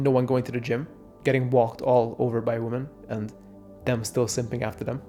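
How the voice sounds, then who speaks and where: Gravelly young man ranting bluntly. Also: medium pitch, darkish tone. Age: young adult. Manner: blunt, sarcastic and profane, with mocking quoted voices. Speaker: vlogger. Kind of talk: casual ranting monologue.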